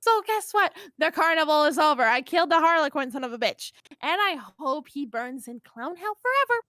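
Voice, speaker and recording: A woman plays a high, bright-voiced troll girl full of swagger. She swears freely and taunts everyone in earshot, in a dry, close-sounding amateur audio drama. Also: sing-song, a little slow, no room sound, full character voice. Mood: defiant rant. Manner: swaggering, profane, mocking. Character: brash cocky teen troll girl.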